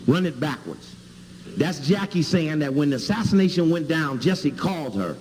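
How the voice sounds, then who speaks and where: Emphatic lively man in a hall. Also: on the high side, normal speed, background noise. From Chicago. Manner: emphatic, spells out and repeats key words. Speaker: lecturer. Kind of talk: lecture with video clips. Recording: hall reverb, faint ambience.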